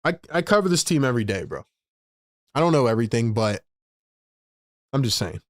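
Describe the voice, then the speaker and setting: A man's voice: medium pitch, very animated, brisk, no echo, clean studio sound. A man hosting a live stream, calling basketball play-by-play and reacting to his team with frustration while talking to his chat. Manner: frustrated, exasperated, chats to viewers. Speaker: live-stream sports commentator.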